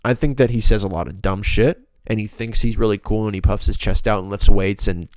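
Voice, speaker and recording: A man's voice: on the low side, a little fast, a little mellow, no room sound, clean studio sound. A young man hosting a solo podcast, ranting bluntly and profanely in a rambling, casual way. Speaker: podcast host.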